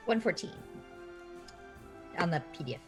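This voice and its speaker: A woman playing a tabletop game, excitable and chatty. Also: on the low side, moderate pace, over music. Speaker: player. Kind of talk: casual tabletop game chat.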